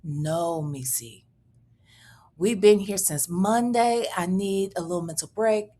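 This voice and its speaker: A woman's voice: on the low side, slow, warm tone. A woman hosting a casual livestream, chatty and profane, reading out viewer messages and thanking them. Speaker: livestream host.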